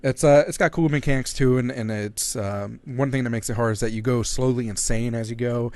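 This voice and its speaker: Joking mid-pitched podcast co-host. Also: male voice, fairly even intonation, fairly quick, a little mellow, no room sound. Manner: joking, teasing banter. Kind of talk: casual gaming news chat.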